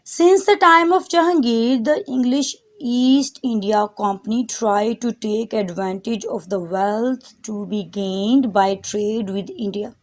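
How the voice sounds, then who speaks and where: A woman's voice: fairly high pitch, slow, hardly any pauses. A woman teacher reading a textbook chapter aloud and stopping to explain words to her students. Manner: reads text aloud, then explains words; addresses her students directly.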